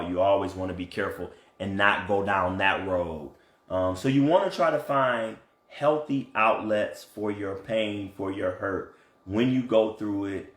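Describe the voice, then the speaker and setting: A man coaching couples in casual talk, earnest and animated, often checking in with "right?". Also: low voice. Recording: echoey room.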